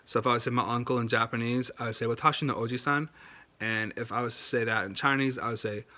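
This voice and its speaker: A man's voice: mid-range voice, steady tone, quick pace, pushed and bright. A young man chatting casually to camera about learning languages, in a loose, rambling way with many fillers and restarts. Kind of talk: casual explanatory talk to camera.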